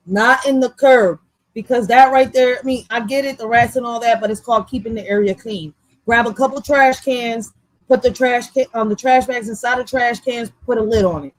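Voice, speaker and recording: A young woman, ranting on a livestream in an animated, profane and heated way. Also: fairly high pitch, no echo, rough recording. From Philadelphia. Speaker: vlogger. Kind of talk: livestream rant.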